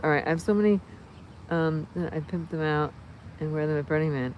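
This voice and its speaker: A woman in her fifties hosting a casual livestream, reading viewer comments in a rambling, excitable way with many fillers and restarts. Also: fairly low pitch, brisk. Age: 50s. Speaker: livestream host.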